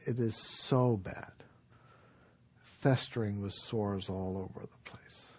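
A man giving a dharma talk, telling a traditional story in a relaxed, unhurried way with many pauses. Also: on the low side. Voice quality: gravelly and very husky. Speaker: dharma teacher.

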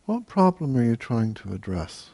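A man teaching meditation, answering questions in a calm, measured way with frequent hesitant fillers. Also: medium pitch, creaky. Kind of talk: dharma talk Q&A.

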